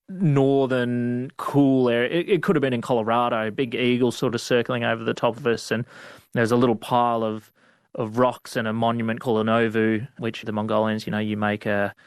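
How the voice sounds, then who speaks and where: A young Australian man with an average-pitched voice recounts his travels in a relaxed, rambling way. He leans on fillers and slips into acted quotes. The sound is dry and close-miked. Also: clean tone, no room sound. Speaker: guest, outback vet. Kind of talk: storytelling interview.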